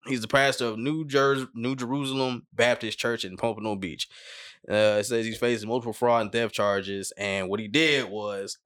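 A man's voice: mid-range voice, steady tone, moderate pace, fairly bright tone. A man hosting a casual podcast, talking in laid-back slangy banter and reading news stories aloud. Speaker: podcast host.

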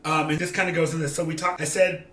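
An earnest man co-hosts a casual podcast and talks through his ideas thoughtfully. His voice sits a little high, with a bright edge, and he sounds set back from the mic in an echoey room with faint hiss. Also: little pitch movement, fast, recorded from a distance. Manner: earnest, reflective explainer who thinks aloud. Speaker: podcast co-host. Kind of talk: casual chat.

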